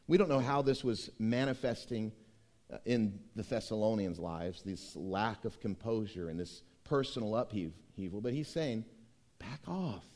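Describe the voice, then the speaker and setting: A middle-aged man preaching a sermon as pastor, emphatic and swinging between hushed and loud delivery. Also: fairly low pitch, animated, normal speed.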